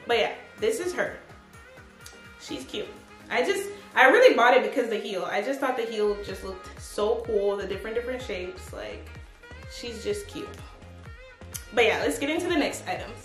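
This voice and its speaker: A woman with a slightly high voice talks through a clothing haul in a loose, chatty way, peppering her sentences with fillers. She is recorded on a tripod camera in a reverberant room, with faint background music under her voice. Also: expressive, moderate pace, a bit bright. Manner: chatty, upbeat, lots of "like" and "but yeah". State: out of breath. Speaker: fashion vlogger. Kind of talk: casual try-on haul chat.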